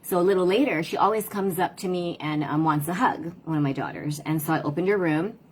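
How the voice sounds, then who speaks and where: Middle-aged woman parent coach, casual reflective livestream chat, lowish voice. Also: a little fast, a little hiss or hum. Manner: reflective, conversational, tells stories about her daughters.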